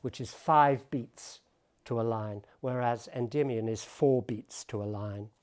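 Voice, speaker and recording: Slow, thoughtful male piano lecturer. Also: medium pitch, a little mellow. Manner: thoughtful, explanatory, with pauses. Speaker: pianist and lecturer. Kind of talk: talk at the piano about poetry and music.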